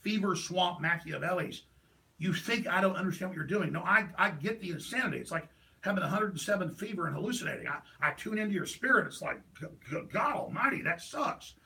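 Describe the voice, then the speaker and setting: Speaking fast in a gravelly voice, a middle-aged man hosting a talk show rants heatedly about politics, lurching from loud outbursts to low muttering.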